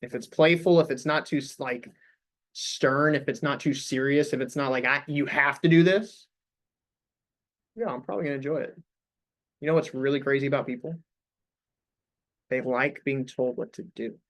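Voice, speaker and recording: Brief: young male team lead, coaching tone, mid pitch, asks the room questions. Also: steady tone, moderate pace. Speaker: sales meeting leader. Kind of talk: leading a staff meeting.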